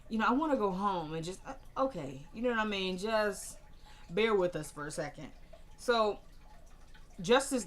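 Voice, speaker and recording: A woman with a mid-range, fairly bright voice recaps a TV episode in chatty, opinionated fashion. She acts out the characters' lines in quick bursts and throws asides to her viewers.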